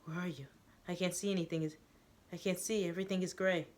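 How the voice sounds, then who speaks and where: A woman's voice: fairly low pitch, fairly even intonation, fast talker, darkish tone, natural voice. A woman voicing a frightened, troubled young man who cries out and pleads while caught in bad memories.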